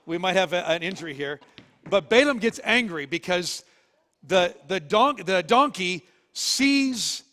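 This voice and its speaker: A man's voice: high voice, pushed and bright. A man preaching a sermon, retelling a story animatedly and with jokes. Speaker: pastor. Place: church auditorium. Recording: long reverb of a church hall.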